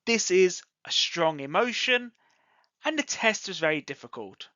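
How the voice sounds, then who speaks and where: A bright, expressive voice with a lively rise and fall in pitch, taking everything slowly as it explains grammar to learners. The sound is close and dry, with a slightly dull, lo-fi quality. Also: no room sound. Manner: slow, clearly enunciated teaching delivery. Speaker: English teacher. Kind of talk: ESL grammar lesson.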